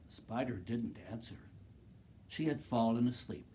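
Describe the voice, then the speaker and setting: A man reading a picture book aloud to second graders, expressive and talking to the children directly about the pictures. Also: medium pitch, moderate pace, slight background noise. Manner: expressive, makes loud animal noises.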